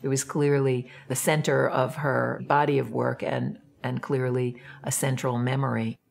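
A woman speaking reflectively and quietly in a documentary interview. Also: very deep voice, level tone, a little slow, vocal fry.

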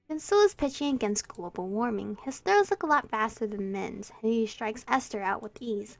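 A young woman playfully reading a visual novel aloud as a streamer, giggling and breaking into loud outbursts. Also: fairly high pitch, lively intonation, moderate pace, vocal fry, few pauses, no room sound, soft background music. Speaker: let's play streamer.

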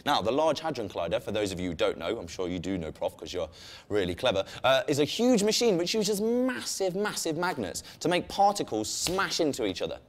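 Young male co-host, jokey science news read, pitch jumps around a lot. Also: big pitch swings, a little fast. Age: young adult. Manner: playful, cheeky asides. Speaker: co-host of a student science show.

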